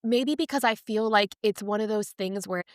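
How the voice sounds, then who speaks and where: A young woman appearing as a podcast guest tells a personal story candidly and emotionally, confiding in listeners and retelling events with animation. Her medium-pitched voice moves at a normal speed, and the studio-quality recording is clean with no echo.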